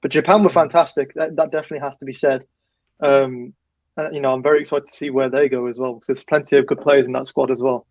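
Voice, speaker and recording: Measured host, lo-fi sound. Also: male voice, medium pitch, flat delivery, darkish tone, no room sound. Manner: measured, hesitant, with fillers. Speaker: show host. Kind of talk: casual chat. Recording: dull, dry lo-fi sound.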